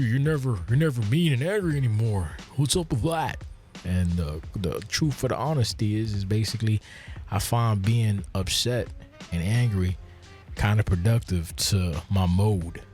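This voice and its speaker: Profane ranting man with low voice. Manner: profane, rambling, swings from low mutter to loud exasperation. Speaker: podcast host. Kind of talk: casual unscripted rant.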